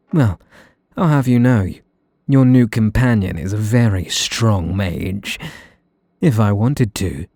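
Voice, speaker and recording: A man's voice: on the low side, dry recording. A man playing a sweetly menacing British mage. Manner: soft, teasing, condescending, coaxing. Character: possessive young male mage, sweetly menacing. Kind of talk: ASMR role-play.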